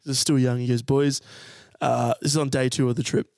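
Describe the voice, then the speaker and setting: An Australian man in his twenties telling a funny story on a podcast, animated and laughing as he goes. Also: medium pitch, fast, vocal fry, dry recording, studio quality. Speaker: podcast co-host. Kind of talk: comic storytelling.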